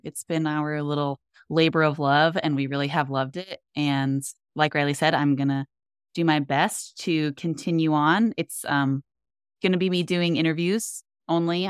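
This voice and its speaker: A young woman with a low, smooth, resonant voice, chatting upbeat on a podcast. She tells little stories with plenty of enthusiasm, recorded close and dry. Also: dry recording. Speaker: podcast co-host. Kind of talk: casual chat.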